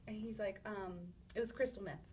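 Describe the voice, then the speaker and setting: A woman's voice: mid-range voice, fairly even intonation, normal speed, a little mellow, a little hiss or hum. Chatty young woman telling a story. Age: young adult. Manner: rambling, filler-heavy storytelling with laughs. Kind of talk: casual chat.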